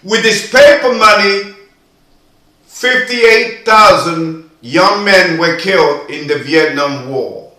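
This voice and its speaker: A man delivers an impassioned monologue in a high, bright voice, lingering on each phrase. His delivery is preachy and emphatic, full of repetition. The sound bounces around a very echoey room. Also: slow. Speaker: video commentator.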